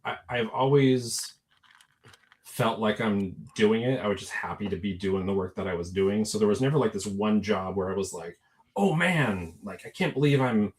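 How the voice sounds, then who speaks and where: A man's voice: fairly low pitch, fairly even intonation, normal speed, darkish tone. A man talking through a video call as a guest, thoughtful and modest, with many fillers. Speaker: guest toy sculptor. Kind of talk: casual chat.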